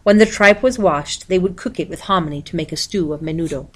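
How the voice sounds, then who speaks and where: A woman reading a picture book aloud in a steady, expressive storytelling voice. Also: lowish voice, fairly quick. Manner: steady, expressive, reads page numbers aloud. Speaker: storybook reader.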